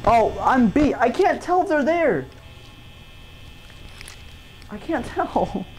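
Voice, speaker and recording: A woman's voice: high-pitched, sing-song, slow, a little mellow, slight background noise, low-quality recording. A woman giving let's-play commentary on a horror game, panicky, swearing and talking to herself with sudden yelps. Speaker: gamer.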